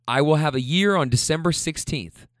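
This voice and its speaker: A man voicing a grateful woman in recovery, heartfelt and warm as he retells her words. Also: fairly high pitch, moderate pace, dry recording, studio quality, natural voice.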